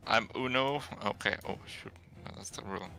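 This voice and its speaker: A man's voice: fairly low pitch, brisk, vocal fry, sharp tone. A man playing in a tabletop game, joking around playfully and describing his character's moves. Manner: jokey, playful, laughs often. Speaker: player. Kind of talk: casual tabletop game play.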